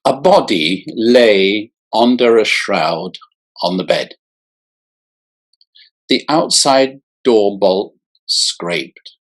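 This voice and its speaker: A male author reading his own novel aloud in a slow, measured way. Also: on the low side, lively intonation.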